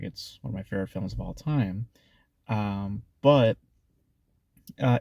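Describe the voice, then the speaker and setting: A congested man talks through a casual film review, drifting along with plenty of ums and restarts. His voice sits low and gravelly, dark and mellow in tone, and the sound is dry and close. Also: no echo. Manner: rambling with many fillers and restarts.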